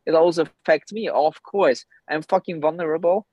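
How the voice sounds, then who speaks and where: A man's voice: fairly high pitch, moderate pace, darkish tone, no room sound, lo-fi sound. A man whose first language is German, a podcast guest, who talks emphatically and bluntly and swears often. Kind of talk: candid podcast conversation.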